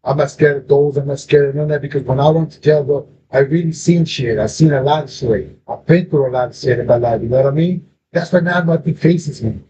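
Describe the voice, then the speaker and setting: A man's voice: on the high side, brisk. A man telling a personal story in casual talk, profane and full of street slang, calling his listener bro. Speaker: podcast host. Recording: dull lo-fi audio with faint noise.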